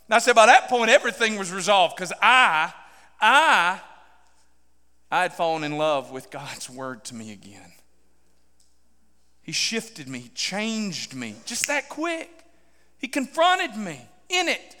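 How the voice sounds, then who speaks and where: A man, a pastor preaching a sermon and telling a story animatedly, acting out dialogue with sudden loud bursts. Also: high-pitched, big pitch swings, unhurried, long pauses, long reverb tail.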